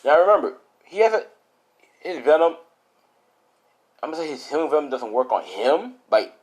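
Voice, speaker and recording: A man spinning an improvised fan story off the cuff, rambling from point to point and leaning heavily on fillers. His pitch swings around a lot as he talks. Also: big pitch swings, normal speed, darkish tone, highs cut off.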